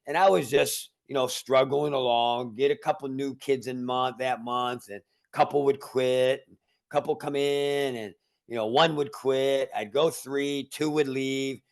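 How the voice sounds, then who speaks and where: A judo instructor from the Cleveland, Ohio area, who runs a martial arts school, tells rambling stories in a casual podcast chat over a remote call. His gravelly, medium-pitched voice stays steady and unhurried, and he often repeats words and acts out the conversations he describes.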